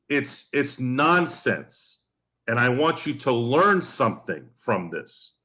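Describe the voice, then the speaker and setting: A man's voice: mid-range voice, pushed and bright. Blunt, profane man on a podcast rant. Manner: blunt, profane, repeats himself when worked up. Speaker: podcast co-host. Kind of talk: heated casual podcast rant.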